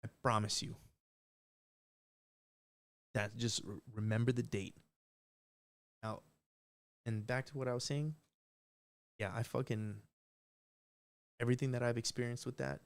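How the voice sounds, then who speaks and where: A man's voice: medium pitch, fairly even intonation, measured pace, pauses often, clear, resonant tone. Profane rambling man on a live stream. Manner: profane, rambling, emphatic with repeated restarts. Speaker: livestream host. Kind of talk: unscripted live stream rant.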